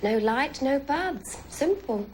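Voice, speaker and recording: An actress playing a modest middle-aged widow who is a skilled gardener, in a film clip. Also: female voice, sits high, animated, slow pace, very noisy.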